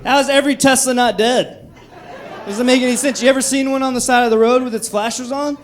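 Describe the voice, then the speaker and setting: High-voiced man doing profane stand-up. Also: steady tone, fast talker, some chatter behind. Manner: profane, rambling, laughs at own jokes. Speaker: stand-up comedian. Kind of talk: stand-up comedy set. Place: comedy club stage. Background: audience laughter.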